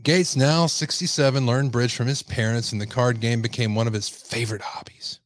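A man hosting a podcast reads news stories aloud, stopping often for sarcastic comments of his own. His voice sits at an ordinary middle pitch. The recording is dry and close, with no room sound. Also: fairly even intonation, normal speed, no echo. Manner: sarcastic asides. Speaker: podcast host.

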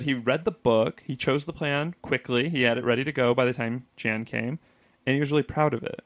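A man co-hosting a casual chat podcast, chatty and quick to laugh, acting out lines as he talks. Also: medium pitch, dry recording, dull audio. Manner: chatty, laughs often, acts out quotes. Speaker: podcast co-host.

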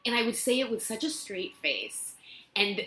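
Bright-voiced woman telling stories in a roomy apartment. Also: a little high, animated, normal speed. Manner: chatty, self-mocking, many fillers. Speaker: actress, interview guest. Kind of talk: casual storytelling interview. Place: her own apartment living room.

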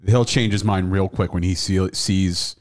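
A man's voice: low voice, fairly even intonation, unhurried. A man co-hosting a radio show, wry and frank in casual studio talk.

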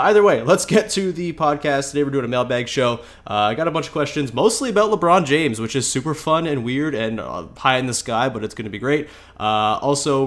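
A man's voice: medium pitch, a bit bright. A young man hosting a casual sports podcast, congested with a cold and talking in loose, filler-heavy sentences. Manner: chatty, many fillers and restarts. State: stuffy nose from a cold. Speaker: podcast host.

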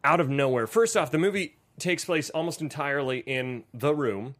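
A man's voice: mid-range voice, moderate pace, a bit bright. A man co-hosting a casual movie-review podcast, recapping scenes with jokes and swearing. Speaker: podcast co-host.

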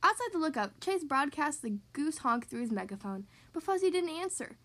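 Bright, expressive woman reading aloud. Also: sits high, moderate pace. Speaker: podcast host reading to kids. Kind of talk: reading a picture book aloud.

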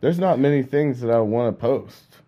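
A man's voice: mid-range voice, expressive, normal speed, muffled recording. A man who is a musician and podcast co-host, talking casually and hesitantly, often trailing off. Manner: hesitant, trails off, self-doubting. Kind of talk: casual chat.

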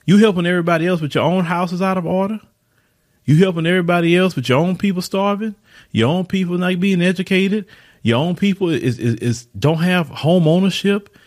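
Male podcast host, slightly high voice, emphatic and repetitive opinion delivery. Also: a little fast, darkish tone. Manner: emphatic, repeats words for stress, asks rhetorical questions. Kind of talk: opinion monologue.

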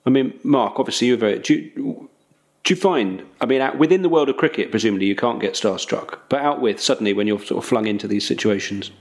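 A man's voice: medium pitch, fast. A man hosting a casual chat, asking rambling questions that restart partway through. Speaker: host.

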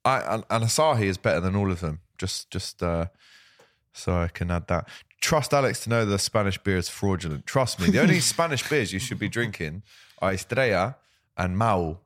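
A man's voice: deep voice, lively intonation, normal speed, a bit bright, no echo, clean studio sound. A man hosting a casual live stream, chatting with a guest and reading out viewer comments in a jokey way. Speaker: host.

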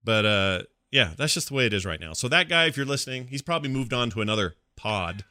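Middle aged guy hosting a podcast, bright tense voice, dry close sound, rants a lot. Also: medium pitch, quick pace, dry recording. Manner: animated, ranting with playful exasperation. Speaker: podcast host. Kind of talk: casual chat.

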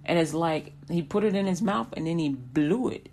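A woman's voice: lowish voice, animated, normal speed, darkish tone, low-quality recording. A woman preaching a sermon with rhythmic repetitions that build in intensity.

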